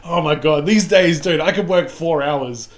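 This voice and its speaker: A man's voice: on the high side, moderate pace. A man reacting to a story with sarcastic, wry commentary.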